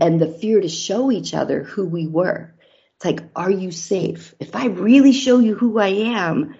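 Mellow-voiced married woman telling stories. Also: fairly low pitch, lo-fi sound. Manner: candid, storytelling, faith-based. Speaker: guest. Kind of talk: casual interview talk.

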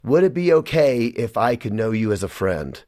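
A man's voice: mid-range voice, very animated, moderate pace, a little mellow, no echo. Guy sharing his faith story, earnest and emotional, dry studio sound. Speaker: guest. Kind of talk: personal testimony in a radio interview.

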